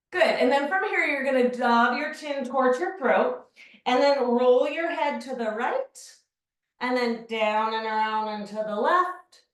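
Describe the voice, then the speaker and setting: High-voiced woman guiding a Pilates class. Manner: calm step-by-step movement cues. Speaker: Pilates instructor. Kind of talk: guided exercise class. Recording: very echoey room, mic far off.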